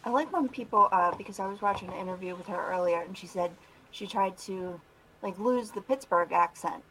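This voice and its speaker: A woman's voice: mid-range voice, a little fast, a bit bright, breathy edge, poor audio. Giggly Philadelphia-accented woman co-host. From Philadelphia area, USA. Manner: chatty, giggly, laughs often. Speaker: talk show co-host. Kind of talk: casual podcast chat.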